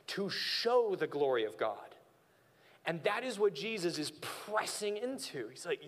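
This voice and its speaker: A male pastor preaching a sermon and acting out quoted voices in an animated way. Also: sits high, measured pace, big-room sound.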